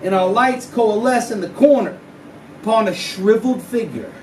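A man telling a profane tall tale live, in a drawling deadpan manner broken by sudden yelps. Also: high-pitched, normal speed, far from the mic, a little hiss or hum. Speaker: storyteller. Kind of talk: live spoken-word storytelling over guitar. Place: live venue. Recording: roomy live recording from off mic. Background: plucked guitar music.

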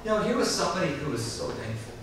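Animated guy preaching, lively up and down voice, echoey hall, faint room hum. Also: a little high, quick pace, distant mic. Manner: animated, acting out voices of people in the story. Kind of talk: sermon. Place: church service in a large hall. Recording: echoey hall, mic from afar.

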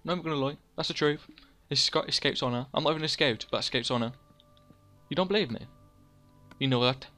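A man's voice: medium pitch, steady tone, fast talker, hardly any pauses, bright, forceful tone, faint music behind. A young man, hosting casual gameplay commentary in a rambling, self-mocking way, often talking to himself by name. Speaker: let's play host.

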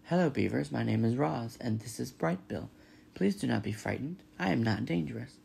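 A man reading a storybook, voicing a calm, polite female robot who has become a mother. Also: mid-range voice, normal speed, vocal fry, a little hiss or hum. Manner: calm, polite, plain-spoken.

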